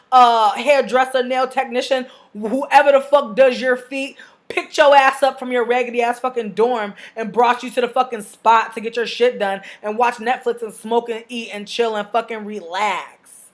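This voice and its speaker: A young adult woman telling a profane storytime rant as a vlogger, venting loudly and acting out both sides of an argument. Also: fairly high pitch. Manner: loud, profane, animated venting with acted-out dialogue.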